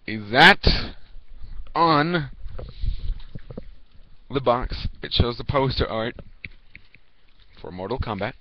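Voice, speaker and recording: A man's voice: medium pitch, animated. Rambling teenage boy on a lo-fi vlog. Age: teens. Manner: rambling, halting, many fillers and restarts. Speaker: video reviewer. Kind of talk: casual vlog talk to camera. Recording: dull lo-fi home recording.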